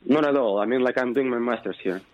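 A young man with a Russian accent speaks at an ordinary middle pitch, calling in over a muffled, dull phone line. He talks hesitantly, filling pauses with "like" and "I mean" as he hunts for his words. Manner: hesitant, filler-heavy, searching for words. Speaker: caller. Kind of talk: phone-in chat.

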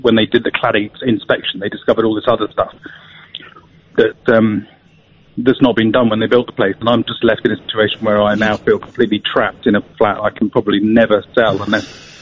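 A man calling a radio show on a tablet headset, talking hesitantly with many pauses. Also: on the low side, level tone, slightly rough. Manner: hesitant, many ums, earnest. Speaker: caller. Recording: dull lo-fi phone-in audio.

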